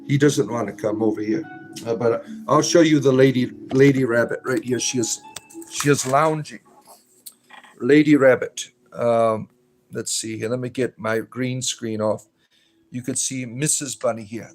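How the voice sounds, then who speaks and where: A man's voice: mid-range voice, normal speed, a little mellow, soft background music, rough recording. A man hosting a casual livestream on a phone, answering viewer comments in a rambling way with many fillers and restarts. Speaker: livestream host.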